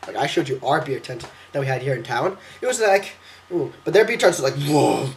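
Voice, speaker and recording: Teenage boy, vlogger, rapid excitable storytelling, silly quote voices, computer webcam mic, at home. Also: medium pitch. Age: teens. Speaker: exchange student vlogger. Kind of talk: casual storytelling vlog.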